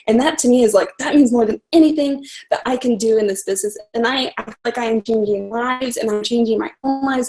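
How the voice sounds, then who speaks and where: A young woman with a slightly high voice tells her own story on a live call. She speaks earnestly and from the heart, rushing ahead with quick restarts. It sounds like a casual, unscripted testimonial. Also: darkish tone, poor audio. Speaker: coach sharing her story.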